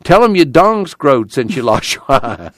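A man's voice: mid-range voice, big pitch swings, measured pace, fairly bright tone, no echo, pitched above the performer's own voice. A man voicing a blunt, impatient tough man who scolds crudely and gives orders.

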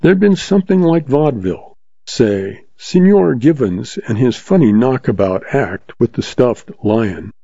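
A man narrating a story in a steady audiobook reading. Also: mid-range voice, a little slow, creaky, breathy edge, no room sound. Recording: slightly dull, dry recording.

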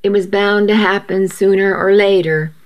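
A woman's voice: mid-range voice, steady tone, moderate pace, lightly acted. A woman voicing an adult man, a blunt boyfriend, in plain unaltered delivery.

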